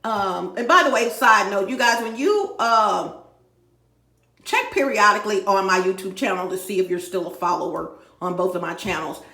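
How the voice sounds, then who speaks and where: A woman's voice: medium pitch, animated, normal speed, pushed and bright, echoey room. A middle-aged woman from Dallas, Texas, ranting in a profane, rambling vlog recorded at home. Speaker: YouTuber. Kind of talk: emotional vlog rant. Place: home room.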